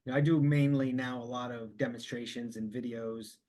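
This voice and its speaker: A man's voice: medium pitch, steady tone, fairly quick, warm tone. A man hosting an interview podcast, a chef by trade, chatting casually and encouraging his guest with short backchannels.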